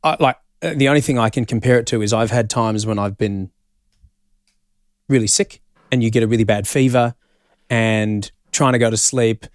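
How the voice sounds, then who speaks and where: A man's voice: medium pitch, moderate pace, no echo. Australian male host, dry close sound, reactive and exclamatory. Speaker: podcast host. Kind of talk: casual interview chat.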